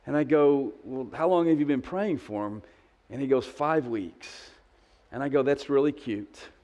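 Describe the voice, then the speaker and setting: A man's voice: mid-range voice, normal speed, a little mellow. A man in his fifties preaching a sermon, telling a story in a snarky, conversational way and acting out the voices of the people in it. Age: 50s. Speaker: pastor.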